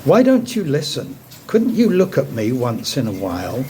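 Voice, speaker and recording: A man's voice: mid-range voice, wildly swooping pitch, normal speed, a little mellow, slight background noise. A man reading the lines of an earnest, self-conscious young husband in a story. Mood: pleading. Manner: intense, pleading.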